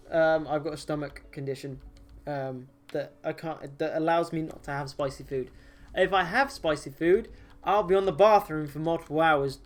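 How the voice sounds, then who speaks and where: A man streaming a game live, chatting casually with viewers in silly, jokey banter and laughing often. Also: a little high. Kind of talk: casual live-stream chat while gaming.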